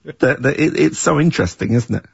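A man's voice: a little high, expressive, a little fast, vocal fry, breathy edge, dry recording. A middle-aged man, the creator and writer of a series, answers interview questions thoughtfully, often restarting his sentences. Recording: dull, dry, lo-fi sound.

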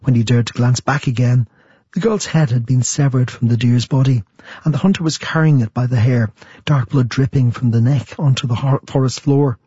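A man interviewed as an author, answering thoughtfully and reading aloud from his book in a measured storytelling manner. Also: medium pitch, warm tone, husky, no room sound, dull audio.

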